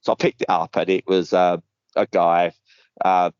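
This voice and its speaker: A man co-hosting a podcast in casual chat, talking from a hospital room and rambling through animated stories. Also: low-pitched, moderate pace, clean tone, dry recording, dull audio. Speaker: podcast co-host.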